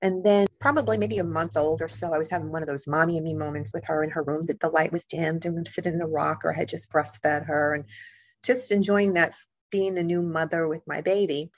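Lowish, dry-voiced woman telling a story. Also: a little fast, dry recording, muffled recording. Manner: animated, emotional storytelling with quoted voices. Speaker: guest, author and paranormal investigator. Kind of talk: storytelling in a podcast interview.

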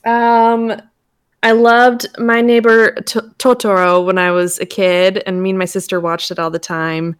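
A woman's voice: mid-range voice, flat delivery, measured pace, clear, resonant tone, dry recording, studio quality. A young woman chatting casually on a show, rambling with fillers and laughing often. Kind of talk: casual chat.

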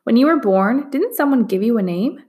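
A woman's voice: on the high side, animated, normal speed, mellow, lightly acted. A woman voicing a kind, curious young village girl who speaks earnestly in a storybook reading.

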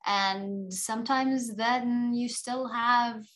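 A woman's voice: on the high side, fairly even intonation, very slow, a bit bright. A young adult woman with a South African accent, chatting casually as an interview guest and filling her talk with "you know". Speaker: actor and filmmaker guest.

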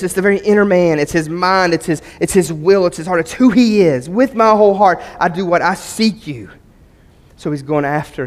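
A man preaching a sermon to his church in a conversational manner, mixing scripture with humorous personal stories. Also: high-pitched. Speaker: pastor. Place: church sanctuary. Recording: long hall reverb.

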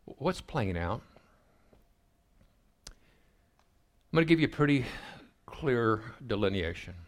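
A man's voice: mid-range voice, takes it slowly. A middle-aged man preaching a sermon, telling family stories and acting out the dialogue along the way. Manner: acts out family dialogue in a lively storytelling way. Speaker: pastor. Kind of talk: sermon storytelling.

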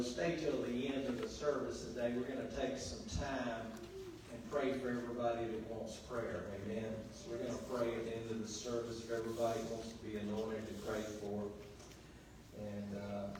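Pastor preaching in a very echoey hall. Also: male voice, mid-range voice, level tone, fairly quick, far from the mic, noisy background. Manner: preaching with call-and-response, swinging between quiet and loud passages. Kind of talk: sermon. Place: church sanctuary. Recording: very echoey church hall, voice from afar.

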